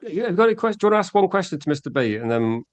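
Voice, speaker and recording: Brisk fast-talking male host. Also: high voice, very animated, dry recording. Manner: brisk, steering the conversation. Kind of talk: hosting a live stream.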